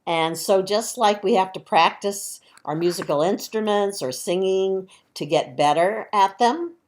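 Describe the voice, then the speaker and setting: A woman leading children's time at church, explaining a story to kids in a gentle, chatty children's sermon. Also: medium pitch, a little slow.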